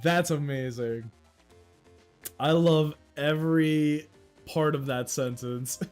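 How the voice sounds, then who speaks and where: Faint music plays under a young man's slow, clear, resonant voice, pitched on the high side and a bit mellow. He's a US livestream host with a Dominican-influenced American accent, chatting loosely with viewers, meandering through stories and laughing frequently.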